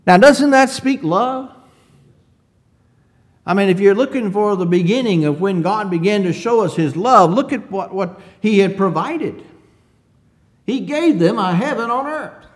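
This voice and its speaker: Man, preacher, conversational sermon, rhetorical questions, slightly higher voice. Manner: reads scripture slowly and drawn out.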